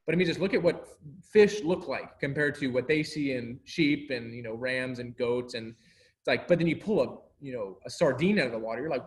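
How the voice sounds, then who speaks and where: A man leads a relaxed Bible class in a mid-pitched voice. He talks in an animated way, laughs often, and acts out the lines of the people in his story. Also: a little fast. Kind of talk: casual Bible lesson.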